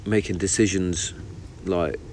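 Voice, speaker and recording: Low-voiced, sweary man outdoors. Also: fairly even intonation, unhurried, darkish tone, slight background noise. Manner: blunt, sweary, opinionated football rant. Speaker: vlogger. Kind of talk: casual chat. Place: outdoors in the countryside. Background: birdsong and outdoor ambience.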